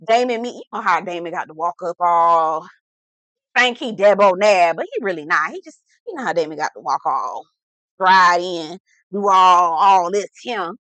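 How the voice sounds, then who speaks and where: A woman giving a comedic, animated, profane recap of a TV episode. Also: on the low side, moderate pace, no room sound. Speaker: TV recap vlogger.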